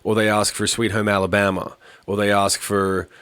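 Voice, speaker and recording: Blunt, profane man, low voice. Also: level tone, normal speed, a bit bright, clean tone. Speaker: podcast co-host. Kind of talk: casual podcast chat.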